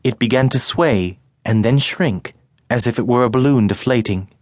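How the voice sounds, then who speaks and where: A man narrating a children's audiobook in a measured storytelling manner. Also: medium pitch, darkish tone, no room sound. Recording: dry studio recording.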